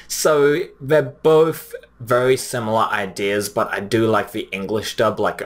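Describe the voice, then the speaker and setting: A young man giving casual, chatty commentary, often pausing with fillers and restarting his sentences. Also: on the low side, fairly bright tone. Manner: chatty, frequent fillers, restarts, reads quotes plainly. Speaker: anime commentary host. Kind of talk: casual commentary comparing dub lines.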